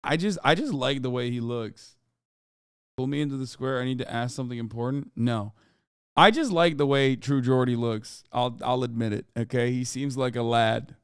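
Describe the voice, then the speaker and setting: A man's voice: medium pitch, normal speed, smooth, no echo. A man streaming live, reacting casually on a close mic in a profane, incredulous, off-the-cuff way.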